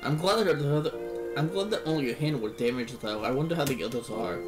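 A man's voice: a little high, quick pace, over music, lightly acted. A man reading as a worried young male student. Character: young male student protagonist, worried about his friends.

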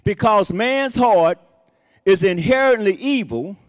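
A man's voice: high voice, animated, slow pace. A man preaching a sermon as associate pastor, repeating his points with emphasis and breaking in with "Amen" and "Praise the Lord.". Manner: repetitive emphatic phrasing. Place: church sanctuary. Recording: long reverb of a church hall.

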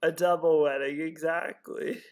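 A man's voice: on the high side, fairly even intonation, measured pace, darkish tone. A man chatting casually while scratching lottery tickets at home, constantly breaking into laughter. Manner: giggly, keeps breaking into helpless laughter.

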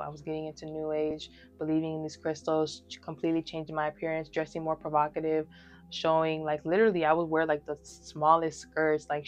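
A woman's voice: low voice, lo-fi sound. A woman in her early twenties sharing a personal faith testimony in casual, emphatic talk straight to her viewers, full of fillers. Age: early 20s.

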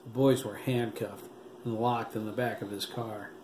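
A man reading his own novel aloud as an audiobook, in a steady, dramatic storytelling manner. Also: fairly low pitch, moderate pace. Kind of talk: audiobook narration. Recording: roomy echo, faint background hiss.

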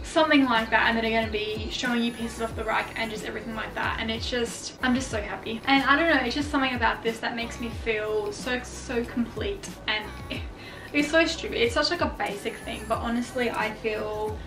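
A young woman, a fashion vlogger, chatting excitedly in her bedroom with lots of fillers. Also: a little high, fairly quick. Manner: gushing, filler-heavy, excitable. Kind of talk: casual vlog chat. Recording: echoey room, far from mic, music behind.

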